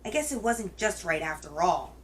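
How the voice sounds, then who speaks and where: A woman's voice: on the low side, sing-song, normal speed, slight background noise. A woman voicing a carefree, picky little girl with chirpy exclamations in a storybook read-aloud.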